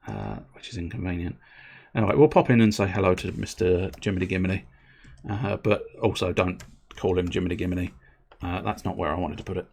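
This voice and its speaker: Talking to his stream viewers, a young man rambles in a self-deprecating way and swears now and then. His voice is deep, creaky, and a little mellow, and he speaks briskly.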